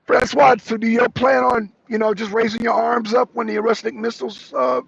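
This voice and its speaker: A man hosting a casual live debate, teasing and needling his guest as he hammers the same point again and again. His voice sits high and gravelly, with a husky edge. The lo-fi stream audio sounds dull and dry. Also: level tone, normal speed, fairly bright tone, dry recording. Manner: mocking, repeats himself for emphasis. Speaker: talk show host debating a guest.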